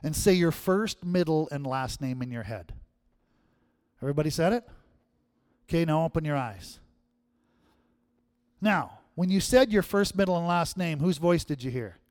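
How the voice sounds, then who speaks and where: A man's voice: fairly high pitch, lively intonation, moderate pace, long pauses, a little mellow, no room sound, clean studio sound. A male pastor giving a sermon in a conversational way, often checking in with the audience. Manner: conversational, keeps asking the audience "right?".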